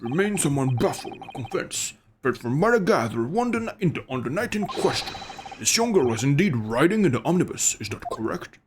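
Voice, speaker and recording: A man's voice: on the high side, sing-song, fairly quick, few pauses, background noise. A man reading as a formal court judge. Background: game music.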